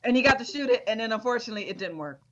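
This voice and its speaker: A woman co-hosting a podcast, casually retelling a scene in an amused, animated way. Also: on the high side, rapid-fire, highs cut off, slight background noise. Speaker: podcast co-host. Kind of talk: casual chat.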